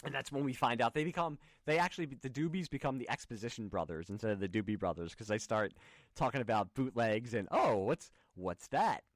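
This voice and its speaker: A man's voice: medium pitch, fast, dry recording. Dry close-mic man recapping chattily. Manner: chatty recapping, restarts and asides. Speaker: podcast host. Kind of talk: casual chat.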